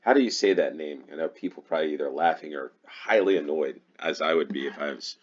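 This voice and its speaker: A man's voice: extremely low pitch, quick pace, husky, muffled recording. A man from New York with a Western New York accent, thinking aloud while playing a geography guessing game, hesitant and full of ums. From New York, USA. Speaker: GeoGuessr channel host. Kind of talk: casual gameplay commentary.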